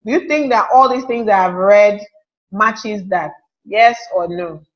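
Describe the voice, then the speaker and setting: A woman's voice: medium pitch, measured pace, highs cut off. A woman teaching a live online class, chatty, reading out and answering viewer comments. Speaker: webinar teacher.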